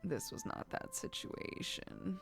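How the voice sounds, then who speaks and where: A woman's voice: very high-pitched, wildly swooping pitch, takes it slowly, vocal fry, over music. A woman streamer chatting casually, telling stories in a rambling, chatty way. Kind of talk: casual chat while gaming.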